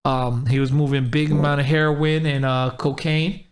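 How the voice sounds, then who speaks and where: A man's voice: on the high side, moderate pace, clean tone. A man hosting a casual podcast chat, talking animatedly and acting out what other people said. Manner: animated, quotes people in raised voice. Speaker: podcast host.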